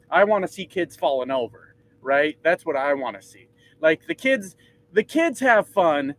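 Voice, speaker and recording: A man's voice: on the high side, fairly bright tone, rough recording. A man driving a truck and chatting casually with his livestream viewers, joking and swearing as he rambles. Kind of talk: casual live chat reading comments. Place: truck cab.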